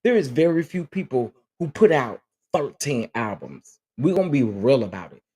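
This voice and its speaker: A man's voice: medium pitch, very animated, moderate pace, darkish tone, husky. A man hosting a casual livestream chat, talking earnestly and emotionally, often repeating himself as he answers viewers. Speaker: livestream host.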